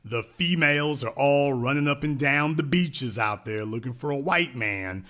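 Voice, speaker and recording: A man with a bright, forceful voice talks bluntly in a casual discussion. He drives each point home by repeating it. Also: mid-range voice, normal speed. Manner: blunt, emphatic, repeats himself for effect. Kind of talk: casual live-stream discussion.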